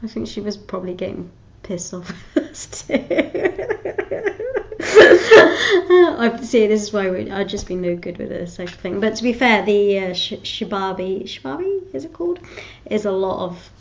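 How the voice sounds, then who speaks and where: A woman vlogger talks casually to her viewers in a middle-pitched voice. She rambles, restarts her sentences and giggles often. The recording sounds dull and lo-fi. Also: brisk. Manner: rambling, giggly, self-interrupting. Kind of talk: casual chat to camera.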